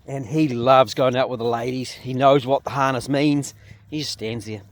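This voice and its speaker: A mid-range voice with a steady tone and normal speed comes from a New Zealand sheep farmer and video host. He chats casually in a paddock for his farm vlog, explaining things and addressing his animals.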